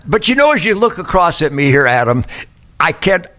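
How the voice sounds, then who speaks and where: A man's voice: fairly high pitch, big pitch swings, fast talker, bright, forceful tone. An older male musician guest talking brashly and boastfully on a chat show. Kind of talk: casual chat.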